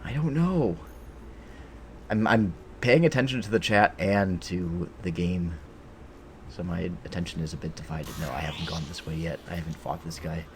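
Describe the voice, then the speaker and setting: A man's voice: deep voice, moderate pace, slight background noise. A man chatting casually with his live-stream viewers while playing a game, rambling and joking with the chat.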